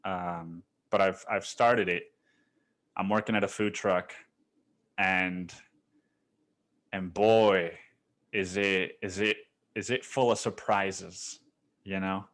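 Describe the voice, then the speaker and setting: A man's voice: deep voice, flat delivery, takes it slowly, long pauses, fairly bright tone. A man talks through a solo podcast episode in a loose, laid-back way, drifting from one story to the next. He swears freely and keeps coming back to "dude", restarting sentences as he goes. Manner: rambling and profane, says "dude" constantly. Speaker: podcast host. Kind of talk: casual solo podcast monologue.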